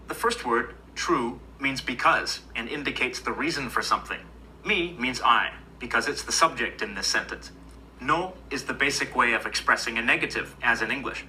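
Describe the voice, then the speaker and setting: Man, mid pitch, bright tone, calm explanatory lesson narration. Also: moderate pace, slight background noise, rough recording. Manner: even, explanatory. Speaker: language video narrator. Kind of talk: scripted educational narration.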